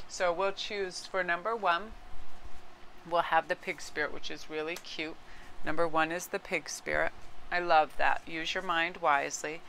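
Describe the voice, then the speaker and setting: A woman's voice: lowish voice, pushed and bright, a little hiss or hum. A woman giving a casual tarot reading, chatting with her viewers and aside to her cat. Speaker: tarot card reader.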